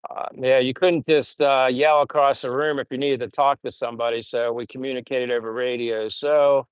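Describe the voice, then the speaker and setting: Brief: middle-aged American man, easygoing livestream host, rambling chat with fillers, smooth clear voice, dry close recording. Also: mid-range voice, moderate pace, dry recording. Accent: General American. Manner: relaxed, rambling, many fillers. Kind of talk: casual livestream chat, reading comments.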